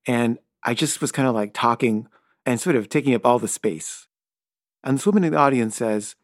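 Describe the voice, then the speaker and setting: A middle-aged filmmaker tells a casual anecdote off the cuff at normal speed in an ordinary mid-range pitch. His talk wanders, full of "like" and "kinda," and he stammers and repeats himself when flustered. The recording is close and dry, with no room sound.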